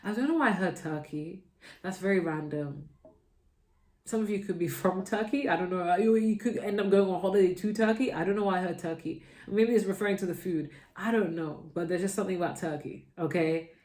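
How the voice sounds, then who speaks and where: Woman tarot reader from the UK, low-pitched, chatty, recorded in a roomy space. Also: a little fast, a little mellow. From United Kingdom. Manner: chatty, repeats "okay?" often. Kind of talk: casual tarot reading.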